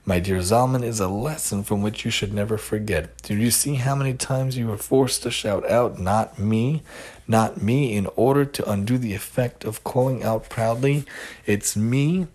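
A man voicing a wise, gentle elderly rabbi who instructs his student warmly, within a storytelling lesson. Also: fairly low pitch, moderate pace, natural voice. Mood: instructive. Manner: warm, instructive, addressing a student.

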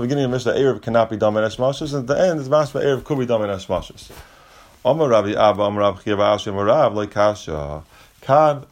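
A man's voice: medium pitch, darkish tone. Man teaching a Gemara lesson. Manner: explains step by step, restating each point in English. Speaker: Talmud teacher. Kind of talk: Gemara lesson mixing English and Hebrew-Aramaic terms.

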